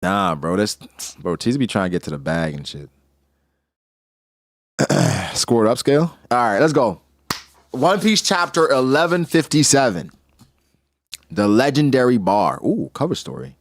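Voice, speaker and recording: A man's voice: on the low side, lively intonation, moderate pace, long pauses, no echo, studio quality. A man hosting a casual manga reaction, talking animatedly in heavy street slang and laughing often.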